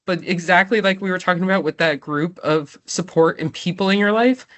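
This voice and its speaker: A woman's voice: fairly low pitch, brisk, fairly bright tone. Tearful woman talking from the heart. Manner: heartfelt, frequent "like" and "right?", near tears. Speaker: guest. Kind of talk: emotional interview conversation.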